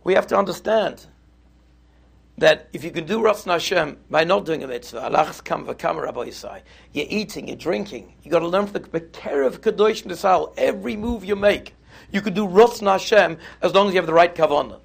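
Husky, slightly high male rabbi, animated sermon storyteller. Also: fairly quick. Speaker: rabbi giving a Torah talk.

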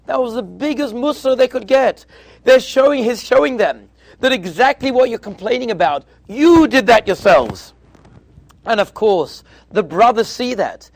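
A man's voice: very high voice, sing-song, moderate pace, creaky, no echo. A man, a rabbi, giving a sermon to yeshiva students, telling stories and acting out their dialogue, with Hebrew and Yiddish terms mixed in. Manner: storytelling, acting out dialogue in quotes.

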